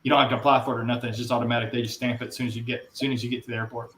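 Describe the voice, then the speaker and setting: A man's voice: medium pitch, level tone, racing, fairly bright tone. A man talking as a podcast guest, telling blunt, rambling anecdotes in casual chat. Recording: roomy echo.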